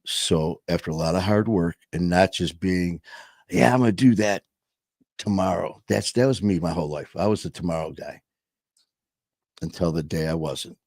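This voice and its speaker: A man with a very deep, darkish voice delivers a loose, rambling monologue at a moderate pace, hitting words hard and swearing freely while keeping a steady tone. He comes across like a show host chatting casually with his audience. The recording is dry and close-miked, with no room sound.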